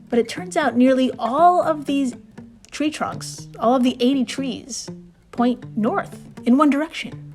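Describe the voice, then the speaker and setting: New woman hosting a podcast, somewhat high voice, loose and profane, soft guitar music underneath. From New York. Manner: chatty, swears freely, laughs at own asides. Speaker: podcast host. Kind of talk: casual storytelling podcast.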